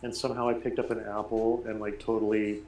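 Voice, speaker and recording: A fairly low male voice chats and jokes in quick bursts as a player in a tabletop game. The sound is roomy with faint hiss. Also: flat delivery, darkish tone. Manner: chatty, quick bursts, joking. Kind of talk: casual chat after a tabletop game. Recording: echoey room with faint noise.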